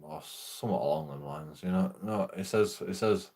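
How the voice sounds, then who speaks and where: A man's voice: sits low, expressive, moderate pace, creaky, darkish tone, breathy edge. A young man, talking in a rambling, sweary way and laughing through his stories as he chats. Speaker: streamer. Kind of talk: rambling casual chat.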